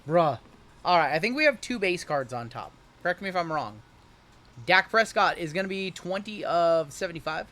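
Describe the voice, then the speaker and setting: A young man hosting a live-streamed card break, joking and hyping each pull in rapid running banter. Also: fairly high pitch, expressive, pushed and bright.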